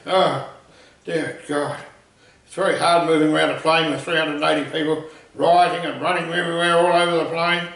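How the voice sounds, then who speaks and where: A man telling a comic anecdote in a rambling, animated way. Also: fairly high pitch, brisk, gravelly. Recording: echoey room, voice far from mic.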